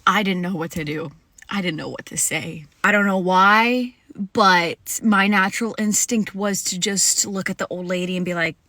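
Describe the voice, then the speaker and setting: A woman telling a dramatic personal story in a casual getting-ready video, animated and expressive. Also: mid-range voice, vocal fry, dry recording.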